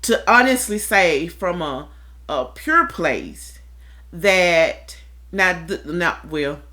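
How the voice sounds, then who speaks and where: Slow-spoken bright-voiced woman talking earnestly. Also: on the low side, sing-song. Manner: earnest, candid, acts out quoted voices. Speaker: discussion panelist. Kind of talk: reflective conversational talk.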